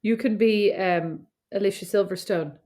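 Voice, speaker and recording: A woman's voice: medium pitch, moderate pace, warm tone. A middle-aged woman with an Irish accent co-hosts a podcast from a remote recording setup. She chats casually, teasing her co-host and spinning anecdotes. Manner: chatty, teasing, storytelling. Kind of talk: casual chat.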